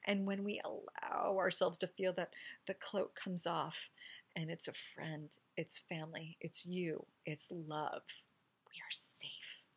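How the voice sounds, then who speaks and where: A middle-aged woman delivers a gentle spiritual sermon straight to her camera, her voice husky and pitched a little low. She talks softly and meditatively, often dropping into hushed, whispered affirmations. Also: flat delivery, measured pace. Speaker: pastor. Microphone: camera mic.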